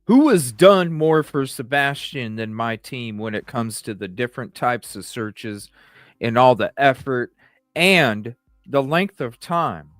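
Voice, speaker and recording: A man's voice: medium pitch, expressive, takes it slowly, fairly bright tone, dry recording, studio quality, soft background music. A man speaking as host in a heated, indignant way, emphatic and profane. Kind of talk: heated commentary.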